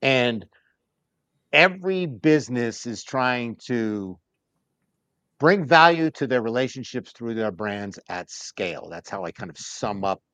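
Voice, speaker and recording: A man speaking as a podcast guest on data strategy, emphatic and animated, acting out other people's lines as he goes. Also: medium pitch, measured pace, dry recording. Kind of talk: casual podcast interview talk.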